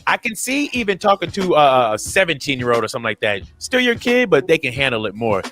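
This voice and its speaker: A man co-hosting a podcast, telling a story casually and acting out the people in it with big jumps in his voice. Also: fast. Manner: animated retelling, acts out quoted voices with big pitch jumps. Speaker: podcast co-host.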